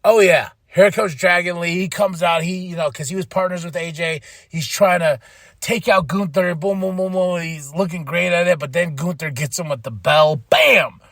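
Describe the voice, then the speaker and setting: A man hosting a podcast, excitedly recapping a wrestling show in casual chat, laughing and swearing freely. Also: sits high, moderate pace, no echo. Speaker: podcast host.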